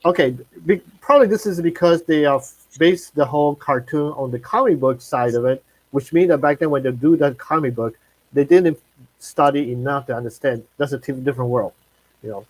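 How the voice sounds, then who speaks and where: Halting man hosting a livestream. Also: fairly high pitch, dry recording, low-quality recording. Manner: halting, searching for words. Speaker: host. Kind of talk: livestream interview.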